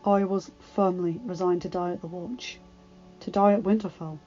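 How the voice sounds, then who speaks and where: A woman voicing a devoted young husband and emperor, speaking softly and steadily. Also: normal speed, highs cut off, soft background music, natural voice. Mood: gentle. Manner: soft, low-key, steady.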